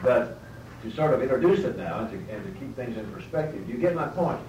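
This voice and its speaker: A man teaching a Bible lecture at a middle pitch, working through points by rephrasing and asking his class questions. He sits some distance from the mic in a roomy space, with a faint hiss of background noise. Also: expressive, a little fast, a little mellow, highs cut off. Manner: explains step by step, rephrases, asks the class questions.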